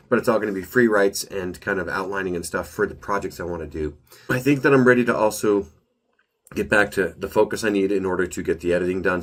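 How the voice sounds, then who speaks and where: Slightly nasal man with a very low voice. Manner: rambling, upbeat, self-correcting. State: recovering from a cold and allergies. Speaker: author giving a weekly update. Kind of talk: casual solo update.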